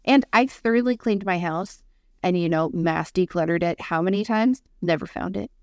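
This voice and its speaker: A woman in her thirties co-hosts a podcast, candidly sharing a personal story in casual conversation, swearing freely and acting out voices in her anecdotes. Her voice is lowish and a little mellow, her pace moderate, and the studio-quality audio has no room sound.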